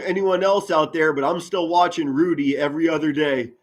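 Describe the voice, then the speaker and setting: A man doing live football play-by-play for his viewers, excitable, his voice jumping up on big plays and his words stumbling over each other. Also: on the high side, brisk, few pauses. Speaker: amateur play-by-play commentator. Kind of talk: live play-by-play commentary with chat.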